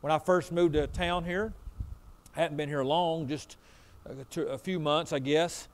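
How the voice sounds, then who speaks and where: A man's voice: on the high side, steady tone, a little slow. A man preaching a sermon as pastor, telling a story in a folksy way and acting out both sides of a conversation. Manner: folksy, repeats "I said" and "he said".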